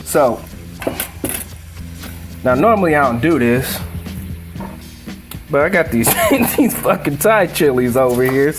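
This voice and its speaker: A slightly high, animated male voice moves at a slow pace with frequent pauses, music in the background. He's a cooking show host at the stove in a casual home demo, swearing openly and meandering into a joke.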